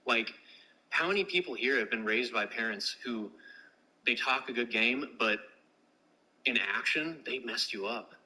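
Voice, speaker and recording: A man's voice: mid-range voice, animated, a little slow, long pauses, sharp tone, poor audio. A man in a casual podcast discussion, rambling earnestly with lots of fillers.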